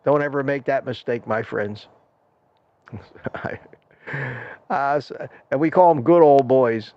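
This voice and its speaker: A man's voice: medium pitch, takes it slowly, dry recording. Rambling older man ranting on a live stream. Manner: ranting, self-deprecating, thanks viewers by name. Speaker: livestream host. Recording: dull lo-fi stream audio.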